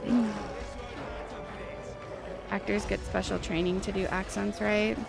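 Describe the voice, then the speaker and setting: A woman's voice: mid-range voice, fairly even intonation, takes it slowly, gravelly, music in the background. A woman with a Minnesotan accent chatting casually on a live stream, musing and self-deprecating.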